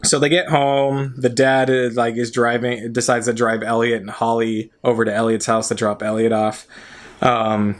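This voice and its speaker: A man's voice: medium pitch, flat delivery, normal speed. Young male podcast co-host, rambling casual recap, frequent laughter and filler words. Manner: rambling, laughs often, lots of "like" and swearing. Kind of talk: casual chat recapping a movie.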